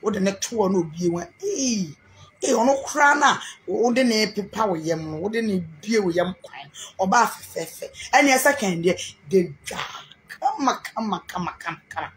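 A Ghanaian businesswoman speaking with a Ghanaian accent in a heated, animated rant to camera, repeating herself for emphasis. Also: mid-range voice, moderate pace, a little hiss or hum. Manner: animated, repetitive, mixes Twi and English.

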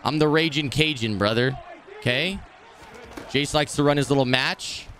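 A young man streaming a football video game, commenting live, swearing and swinging between muttered complaints and shouted reactions. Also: medium pitch, normal speed, slight background noise. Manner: profane trash talk.

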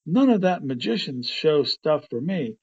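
A cocky, whining cartoon rabbit full of complaints, done by a man reading a storybook. The voice sits a little high and husky, on a slightly dull, lo-fi recording. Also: sing-song, unhurried, full character voice. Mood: cheeky.

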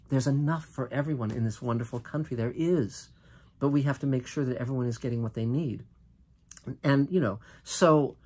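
Older American man, mid-pitched, earnest and impassioned solo monologue, restarts often. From United States. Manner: earnest and impassioned, with frequent restarts and drawn-out emphatic phrases. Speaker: host. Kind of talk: political monologue to camera.

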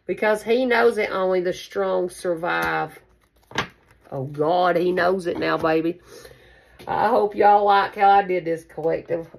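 A woman's voice: on the low side, measured pace, creaky, background noise. Chatty woman reading tarot. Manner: chatty, affectionate, calls listeners baby. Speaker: tarot card reader. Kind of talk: casual tarot reading to camera.

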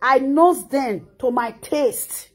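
A woman's voice: high-pitched, slow, slightly rough, faint music behind. A Nigerian woman in her thirties with a Nigerian Pidgin accent, scolding in an impassioned reaction monologue and often repeating words. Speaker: social media commentator.

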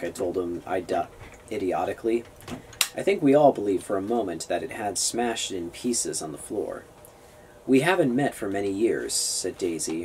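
A man's voice: low-pitched, noisy background. A man reading a novel aloud, stumbling over words and restarting lines. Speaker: reader of a novel on a public access show.

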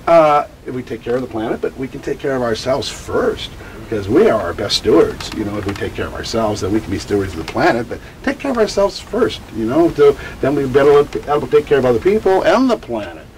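A man who teaches about grief, answering interview questions in an animated, digressive way and acting out quotes. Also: medium pitch, fast, slight background noise, rough recording. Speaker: grief educator.

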